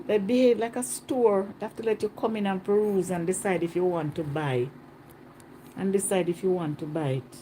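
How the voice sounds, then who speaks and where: Woman, travel vlogger, warm mellow voice, chatty and repetitive, phone mic outdoors. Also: medium pitch, normal speed, a little hiss or hum. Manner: chatty, animated, repeats herself. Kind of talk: casual vlog chat. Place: outdoors on a Caribbean island.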